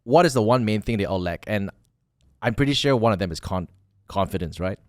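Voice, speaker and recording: A man's voice: on the low side, expressive, fairly quick, no echo, studio quality. A man hosting a podcast, asking questions in a searching way, restarting them and adding short agreements. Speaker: podcast host. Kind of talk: casual interview talk.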